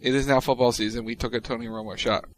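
A man co-hosting a podcast, reading out tweets in casual chat with a wry, deadpan delivery. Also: medium pitch, fast, low-quality recording. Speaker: podcast co-host.

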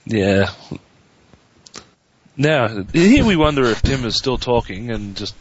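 A man's voice: medium pitch, sing-song, slow, slight background noise. A man from Australia co-hosting an online talk show, teasing and sardonic. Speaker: radio show co-host. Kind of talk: casual talk radio banter. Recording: dull lo-fi online call audio.

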